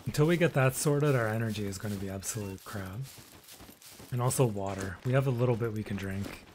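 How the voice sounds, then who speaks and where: A man streaming a video game live, chatting casually with viewers, relaxed and rambling, often trailing off into quiet mumbles. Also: fairly low pitch, fairly quick, slight background noise.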